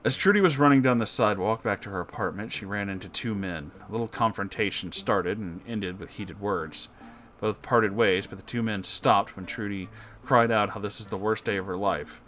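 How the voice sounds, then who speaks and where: A man's voice: lowish voice, normal speed, fairly bright tone, faint music behind. A man hosting his channel, reading a story aloud in a playful, chatty way.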